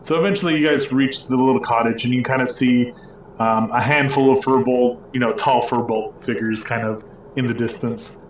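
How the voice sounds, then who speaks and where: A man's voice: medium pitch, fairly even intonation, normal speed, echoey room, distant mic, a little hiss or hum, rough recording. A man running a tabletop game as game master, narrating casually with lots of fillers. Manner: loose and rambling, many fillers.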